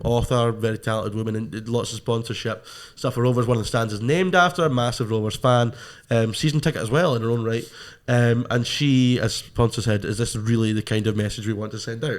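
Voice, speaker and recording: Fast-talking blunt Scottish man. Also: mid-range voice. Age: young adult. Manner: blunt, sweary and emphatic. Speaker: podcast co-host. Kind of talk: casual chat.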